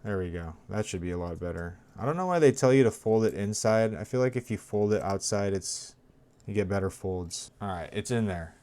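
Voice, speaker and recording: Low-voiced man muttering through a repair. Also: animated, a little fast, warm tone. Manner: mutters while working, grows frustrated and swears. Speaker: tech vlogger. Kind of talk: casual hands-on narration.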